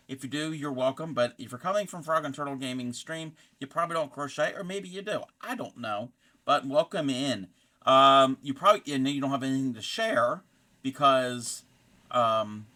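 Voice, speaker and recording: A man chats on his crochet live stream with a bright, forward voice. He rambles through greetings to his viewers and drops puns and references as he goes. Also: mid-range voice. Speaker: crochet streamer and fiber artist. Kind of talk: casual live-stream chat.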